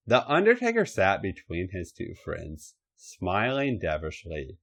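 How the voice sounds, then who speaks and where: A man hosting a podcast, giving an expressive, dramatic comedic erotic story reading. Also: sits low, unhurried, few pauses.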